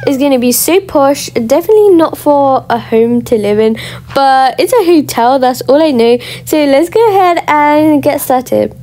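Gushing high-voiced woman gamer. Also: expressive, normal speed, dark tone. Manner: gushing, gasps and squeals often. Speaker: game channel host. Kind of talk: excited gameplay commentary.

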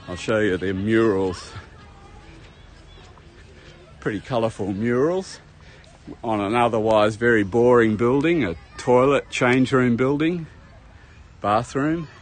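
A man's voice: lowish voice, takes it slowly, long pauses. Chatty man on a beach walk. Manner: chatty, rambling, addresses viewers as folks. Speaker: travel vlogger. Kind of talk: casual walking tour commentary. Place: outdoors at a beach park. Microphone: handheld camera while walking.

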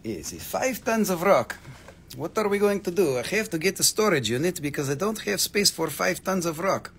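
A man's voice: high-pitched, lively intonation, moderate pace, a bit bright, a little hiss or hum. A man hosting a live rock-selling stream, rambling casually, swearing freely and calling out prices to viewers.

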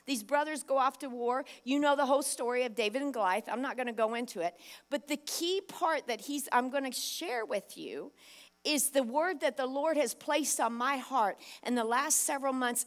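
A woman with a high voice preaching to her congregation. She is emphatic, acts out scripture lines and keeps putting direct questions to her listeners. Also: moderate pace. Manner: emphatic preaching with dramatized Bible quotes. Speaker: pastor. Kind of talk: sermon.

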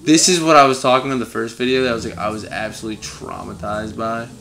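A young man giving let's-play commentary on his own playthrough, swearing and swinging from frustrated muttering to excited yelling. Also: mid-range voice, fast, gravelly, noisy background. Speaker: gaming video host.

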